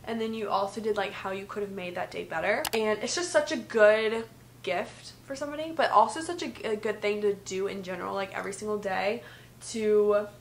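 A woman's voice: medium pitch, fairly even intonation, brisk, vocal fry. A young woman in her twenties chatting casually in a gift-guide vlog from her bedroom, saying "like" a lot. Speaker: vlogger. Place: bedroom at home. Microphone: vlog camera.

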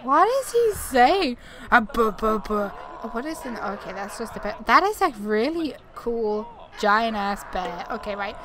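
A woman's voice: on the high side, background noise. A woman doing chatty let's play commentary at home on a desktop mic, narrating her moves and often laughing. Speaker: gaming YouTuber. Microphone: desktop USB mic.

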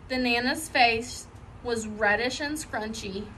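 A woman reading a children's chapter book aloud in a lively, expressive way. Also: a little high, slow, very noisy. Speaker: audiobook reader. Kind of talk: storybook read-aloud.

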